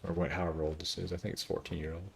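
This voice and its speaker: A man streaming a video game, chatting casually and joking as he thinks out loud. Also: low-pitched, little pitch movement, racing, creaky, a little hiss or hum. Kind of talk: casual gameplay commentary.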